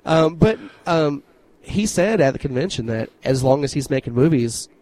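A man with a slightly high voice co-hosting a casual podcast. He tells stories with lots of animation and swears freely as he chats. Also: lively intonation, moderate pace, darkish tone, slight background noise, rough recording. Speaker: podcast co-host. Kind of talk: casual chat.

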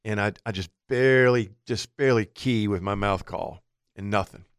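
A man's voice: on the low side, steady tone, normal speed, clean tone, no room sound. A man co-hosting an outdoor radio show, telling a hunting story and acting out his own thoughts in a studio.

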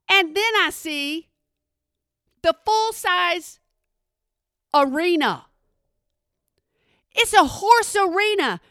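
A woman's voice: very high-pitched, bright, forceful tone, no echo, studio quality. A woman from Texas with a Texan accent, telling a chatty story and asking again and again if you hear her. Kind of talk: storytelling monologue.

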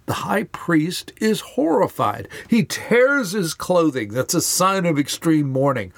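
A man's voice: fairly high pitch, sing-song, a little slow, few pauses, dry recording, clean studio sound. A man retelling a Bible story in an earnest scripted way, raising his voice to act out quoted lines.

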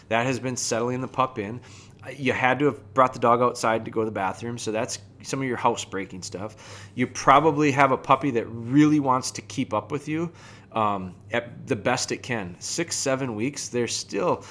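A man talking easily on his podcast, drifting through his explanation with plenty of ums and restarts. His voice sits at an ordinary middle pitch. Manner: relaxed, conversational, with fillers and restarts. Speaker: podcast host and dog trainer. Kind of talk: casual podcast talk.

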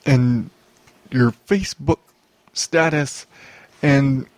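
A man's voice: mid-range voice, extremely slow, no echo. A young man hosting a solo podcast, ranting and rambling with lots of swearing and restarts. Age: young adult. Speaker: podcast host.

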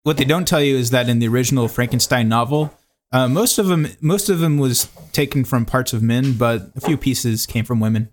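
A man's voice: medium pitch, fairly quick, a little hiss or hum. A man joking playfully in a casual podcast chat about films.

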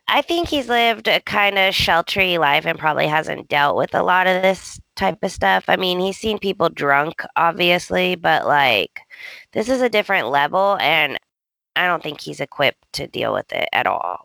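A woman's voice: lowish voice, animated, moderate pace, gravelly, bright, forceful tone, no room sound. A woman co-hosting a podcast, chatting casually about soap opera episodes and adding her own opinions. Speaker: podcast co-host.

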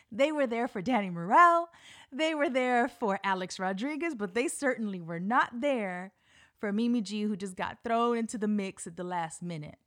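A woman telling a personal story in a casual, animated, profane way, laughing often and acting out what people said. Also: on the high side.

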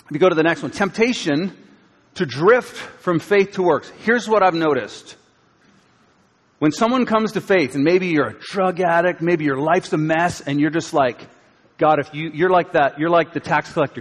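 A man preaching a sermon as pastor, conversational, swinging from loud acted quotes to hushed lines. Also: a little high, normal speed. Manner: conversational, dramatic shifts between loud and hushed. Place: church auditorium. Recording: long reverb of a church hall.

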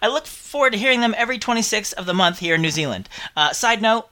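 A man's voice: sits high, lively intonation, fast, sharp tone. A man hosting a podcast, chatting in an upbeat way and reading out listener mail with chatty asides. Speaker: podcast host.

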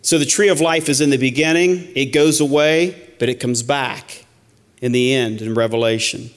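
A man's voice: medium pitch, normal speed, long reverb tail. A man teaching a Bible study in sermon style, reading scripture aloud and repeating key lines to the church.

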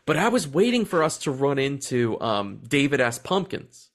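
A man co-hosting a podcast, telling stories in a loose, excitable way. He swears freely and laughs often, and his pitch swings widely as he talks. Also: moderate pace. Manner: excited, profane, laughing storyteller. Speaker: podcast co-host. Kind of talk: casual chat.

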